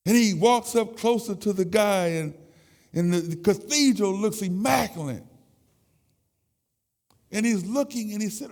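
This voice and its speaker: A man in his sixties giving an emotional, halting sermon testimony in a church sanctuary. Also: high voice, darkish tone. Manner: emotional, halting with repeated words. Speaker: church speaker. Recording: echoey church hall.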